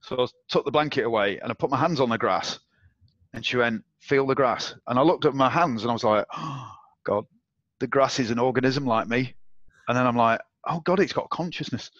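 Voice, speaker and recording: A man being interviewed, telling a personal story in a casual, animated way and acting out the voices of others. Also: mid-range voice, fairly quick, no echo. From England. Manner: animated, acts out quoted voices, swears and laughs. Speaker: interview guest. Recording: dull, dry audio.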